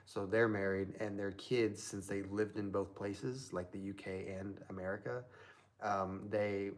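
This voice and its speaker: A man's voice: on the low side, level tone, a little slow. A man from Southern Indiana hosting a live stream, chatting casually in a rambling way with lots of fillers.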